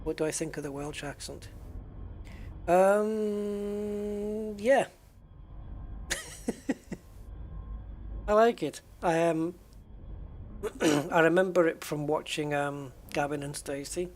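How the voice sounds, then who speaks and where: Man, game streamer, casual rambling chat, slightly high-pitched, faint background hum. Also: takes it slowly, long pauses. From United Kingdom. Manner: rambling and chatty, answers viewer questions with restarts and fillers. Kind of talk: casual live-stream chat while playing.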